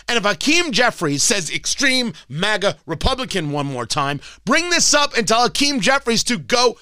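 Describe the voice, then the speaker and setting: High-voiced ranting radio host man. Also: pushed and bright, smooth, dry recording, clean studio sound. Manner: ranting, combative, sarcastic. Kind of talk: political talk radio monologue.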